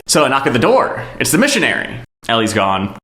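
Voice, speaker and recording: A man of average pitch tells a film's story to a friend on a comedy podcast. He narrates scene by scene with animated energy. The room gives his voice a noticeable echo. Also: fairly quick, over a noisy crowd. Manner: animated storytelling, voices quoted lines, laughs at own jokes. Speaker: comedian retelling a movie plot.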